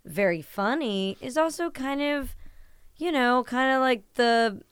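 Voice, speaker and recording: Chatty young woman, smooth dry voice. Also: sits high, dry recording. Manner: chatty, trailing off, quick laughs. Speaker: podcast co-host. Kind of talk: casual chat.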